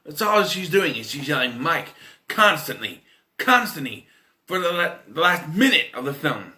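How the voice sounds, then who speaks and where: A man's voice: a little high, very animated, moderate pace, bright, forceful tone. A man in his thirties giving a casual, rambling film review, swearing freely and restarting his sentences often. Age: 30s. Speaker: movie reviewer.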